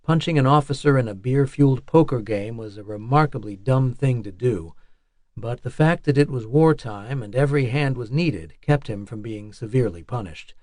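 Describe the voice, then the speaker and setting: Man, audiobook narrator, mid-pitched voice, steady measured delivery, dry close sound. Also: no echo.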